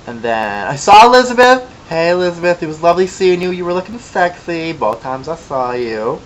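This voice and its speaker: A young man from Michigan telling a long casual story in a vlog, chatty and gossipy, with sassy asides and lively quoted voices. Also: a little high, brisk, slight background noise, rough recording. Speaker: vlogger.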